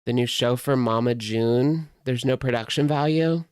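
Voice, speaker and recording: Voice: mid-range voice, normal speed, clean tone, no room sound, studio quality. A commentary host in casual chat, sarcastic and exasperated, reacting to clips.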